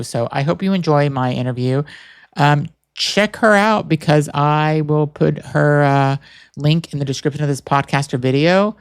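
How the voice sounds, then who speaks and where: A man's voice: on the high side, gravelly, no room sound, clean studio sound. A man hosting a podcast, telling a rambling, chatty story full of fillers and restarts. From Boston area. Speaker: podcast host. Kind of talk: casual storytelling monologue.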